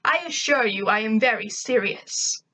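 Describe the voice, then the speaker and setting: A woman doing a shrill, pompous alien invader. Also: normal speed, sharp tone. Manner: pompous, theatrical declarations.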